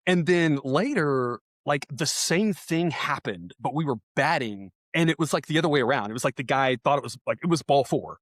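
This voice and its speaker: A man co-hosting a sports podcast, telling a story in a casual, animated way and laughing as he goes. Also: on the high side, moderate pace, few pauses, no echo, clean studio sound. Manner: animated, laughing, voice jumps when reenacting yelling. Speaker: podcast co-host.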